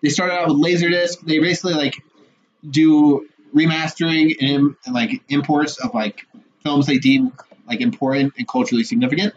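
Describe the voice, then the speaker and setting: A young man co-hosting a podcast in casual chat, animated and swearing a lot, laughing often. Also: on the high side, normal speed. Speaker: podcast co-host. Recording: muffled lo-fi audio with faint noise.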